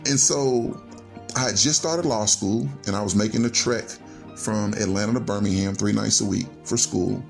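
Low gravelly man telling a heartfelt story. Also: moderate pace, soft background music. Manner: earnest, heartfelt, strings clauses with "and so". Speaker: storyteller guest. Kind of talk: personal storytelling on a radio show.

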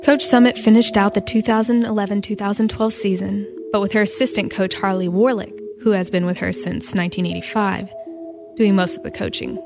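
A woman giving measured, scripted narration for a story program. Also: medium pitch, steady tone. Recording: clear music bed behind voice.

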